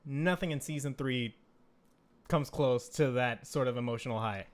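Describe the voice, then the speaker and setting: A man co-hosting a casual anime discussion, animated and swearing freely, sometimes shouting when excited. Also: medium pitch, normal speed. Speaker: co-host.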